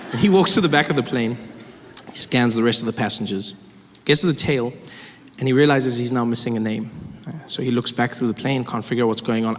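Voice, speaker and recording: Animated man doing stand-up in a hall. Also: medium pitch, brisk, some chatter behind. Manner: animated, acting out characters' lines. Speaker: stand-up comedian. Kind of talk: stand-up storytelling. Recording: hall reverb with audience noise.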